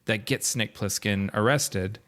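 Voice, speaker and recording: A man co-hosting a podcast, chatting casually about a film in a relaxed way, chuckling now and then and thinking aloud. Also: on the low side, unhurried. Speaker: podcast co-host.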